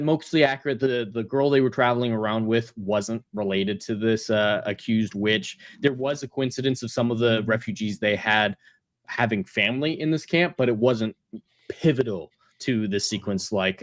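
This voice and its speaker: A man hosting a casual live review panel, opinionated and quick to mock, who slips into little character voices when retelling scenes. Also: lowish voice. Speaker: show host and panel critic.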